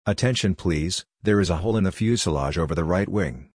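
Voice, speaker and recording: A man reading the part of a calm, logical female android who is helping crash survivors, in a level, matter-of-fact way. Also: deep voice, fairly quick, slightly rough, no room sound, clean studio sound. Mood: instructive.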